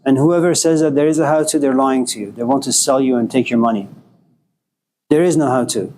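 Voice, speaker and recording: A man's voice: mid-range voice, fairly quick, warm tone, a little hiss or hum. A man in his sixties giving a conversational philosophy lecture, acting out quoted voices now and then. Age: 60s.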